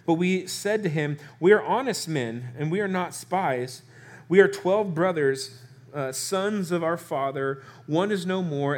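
Conversational young male pastor preaching. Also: on the high side. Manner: conversational, with filler restarts and rhetorical questions. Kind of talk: expository Bible sermon.

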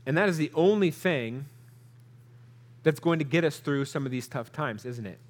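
A man's voice: on the high side, lively intonation, normal speed. A man preaching a sermon, reading scripture aloud and explaining it in an earnest, conversational way, asking the listeners questions. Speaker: pastor.

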